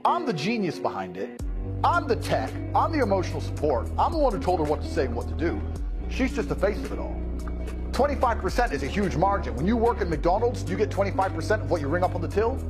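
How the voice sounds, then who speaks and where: A man's voice: high voice, big pitch swings, fast, music in the background. A man ranting in a brash, combative and mocking way, with a lot of swearing. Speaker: media personality. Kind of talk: brash profane rant.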